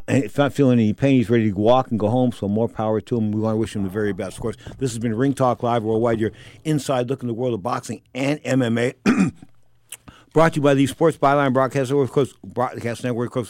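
A man hosting a boxing radio talk show, hoarse as his voice gives out, rambling with repeated stock phrases. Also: mid-range voice, a little mellow, no echo, studio quality. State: hoarse, voice giving out.

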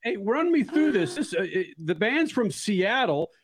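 A male radio host in casual talk, excited and rambling, chatting with a guest like a buddy. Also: high-pitched, measured pace, crowd noise. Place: radio studio.

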